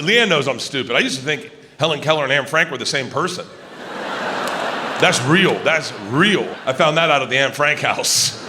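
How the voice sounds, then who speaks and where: A comedian in his fifties performs storytelling stand-up in a big arena, loud throughout and jumping between muttered low asides and high shouted bursts. Crowd noise and laughter come through clearly in this live recording.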